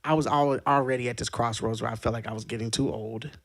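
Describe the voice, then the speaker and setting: A man hosting a relaxed podcast, swapping stories with a guest in an animated, laugh-prone way. His voice sits at an ordinary middle pitch. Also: quick pace, gravelly. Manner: animated storyteller, laughs often. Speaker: podcast host. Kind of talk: casual chat.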